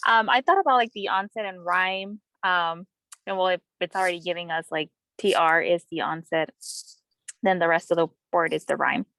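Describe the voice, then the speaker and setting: Low-voiced woman student, dry sound. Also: fairly even intonation, normal speed, creaky, a bit bright, no echo, poor audio. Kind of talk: answering in online class. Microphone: video call.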